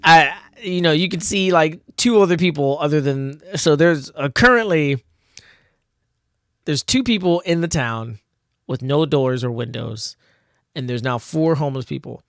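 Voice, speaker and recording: A man's voice: fairly high pitch, measured pace, dry recording, studio quality. A man casually reading through his own old comic, laughing a lot and poking fun at himself with many fillers. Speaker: comic artist reviewing own old work.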